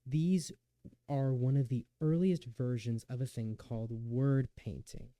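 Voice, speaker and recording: Young man, lecture narration, earnest and measured, very warm dark tone, dry close sound. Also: mid-range voice, fairly even intonation, no echo. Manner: earnest, measured, with occasional restarts. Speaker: student lecturer.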